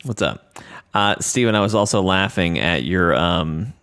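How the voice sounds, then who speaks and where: A man's voice: sits low, animated, unhurried, fairly bright tone, clean tone, dry recording. A man hosting a casual gaming livestream, upbeat and joking as he reads the chat aloud. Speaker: stream host.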